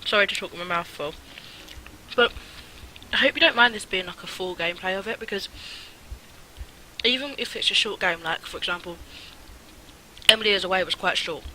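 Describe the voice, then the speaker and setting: A woman's voice: mid-range voice, a little fast, long pauses, pushed and bright, slight background noise, rough recording. A young woman chatting casually as she plays a visual novel and reads its text aloud, rambling with lots of fillers. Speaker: gaming video host. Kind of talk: casual let's-play commentary, reading game text aloud.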